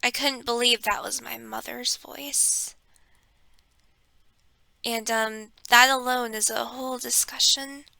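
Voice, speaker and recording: A woman talking casually about her life in an airy, breathy voice, soft and halting, sometimes slipping into a whisper. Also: a little high, steady tone, dry recording. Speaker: content creator. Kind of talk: casual personal talk.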